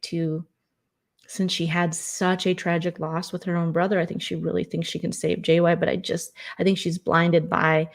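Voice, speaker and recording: A woman's voice: fairly low pitch, creaky. A woman hosting her own vlog in a casual late-night chat, blunt, gossipy and profane. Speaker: vlog host.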